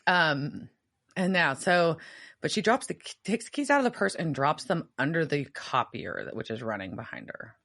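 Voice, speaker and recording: A woman's voice: low voice, very animated, normal speed, vocal fry, a bit bright. A woman co-hosting a podcast, recapping a TV episode in casual chat, laughing often and trailing off into asides. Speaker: podcast co-host.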